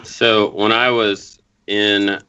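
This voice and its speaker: A man with a fairly low but bright, forceful voice tells an animated anecdote, chuckling along. The audio is slightly dull and lo-fi. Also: very slow, clean tone. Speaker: podcast co-host. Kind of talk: casual storytelling.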